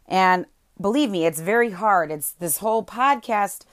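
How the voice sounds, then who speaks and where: A woman's voice: mid-range voice, lively intonation, measured pace, dry recording, studio quality. Forties woman podcast host, sarcastic and upbeat, motivational monologue. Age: 40s. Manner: playful, sarcastic, encouraging.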